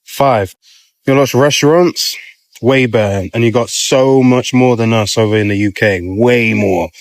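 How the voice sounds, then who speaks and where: A young British man runs through a list to camera in a laid-back, slangy way. His voice sits in a middle pitch, and the sound is close and dry with no room echo. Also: measured pace. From United Kingdom. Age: 20s. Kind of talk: casual listing to camera.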